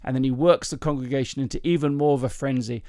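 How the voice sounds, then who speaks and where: Here the podcast host talks fast in casual chat and joke-telling, rambling and laughing a lot. The pitch is medium with fairly even intonation and a slightly mellow quality, and the studio recording is clean and dry.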